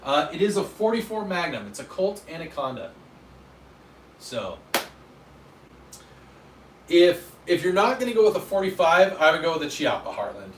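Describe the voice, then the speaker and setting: A Utah man hosting a casual livestream answers viewer comments with self-deprecating humor, chatting loosely with big pitch swings and long pauses at normal speed. His voice sits on the high side, and the recording has a little hiss or hum, an echoey room and a distant mic.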